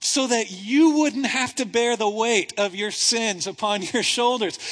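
High-voiced man preaching in a reverberant hall. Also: unhurried, hardly any pauses. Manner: animated, conversational preaching with rhetorical questions. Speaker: pastor. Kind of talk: sermon. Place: church sanctuary.

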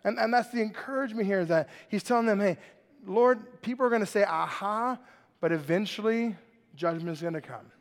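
A man preaching a lively sermon to a live congregation, joking with the crowd and often asking "right?". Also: high voice, brisk. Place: large church hall with congregation. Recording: long hall reverb.

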